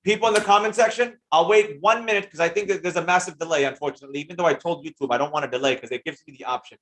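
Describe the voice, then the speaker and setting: An energetic man with a fairly high voice hosts a live trading lesson, answering chat questions as they arrive. He talks at a racing clip in a slangy, hyped-up style and shouts out viewers by name, with slight background noise behind him.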